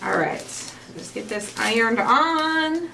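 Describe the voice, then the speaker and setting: A woman's voice: fairly high pitch, expressive, slow pace, vocal fry, bright, forceful tone. A woman hosting a casual crafting livestream, a chatty storyteller who laughs often. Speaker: craft show host. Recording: distant mic with faint noise.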